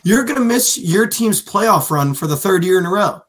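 Animated higher-voiced man talking sports. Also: moderate pace. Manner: animated, swears freely, mimics players. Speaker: podcast co-host. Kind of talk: casual sports chat.

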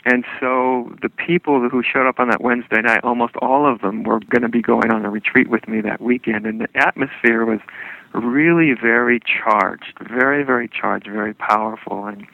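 Gravelly-voiced man recalling his teaching. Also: mid-range voice, fairly even intonation, dry recording, narrow, tinny audio. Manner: unhurried, meandering, with frequent restarts. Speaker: spiritual teacher. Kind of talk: reflective storytelling interview.

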